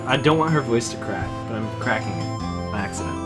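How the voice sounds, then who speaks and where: A man's voice: mid-range voice, very animated, brisk, loud music behind the voice. A man chatting casually while playing through a game, rambling with lots of fillers. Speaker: game streamer voicing all the characters. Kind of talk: casual chat over gameplay.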